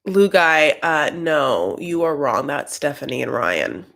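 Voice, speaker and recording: A man's voice: fairly high pitch, very animated, slow pace, creaky, fairly bright tone. A man hosting a reality TV reaction show, recapping in a sassy, gossipy, campy way. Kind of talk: casual TV recap commentary.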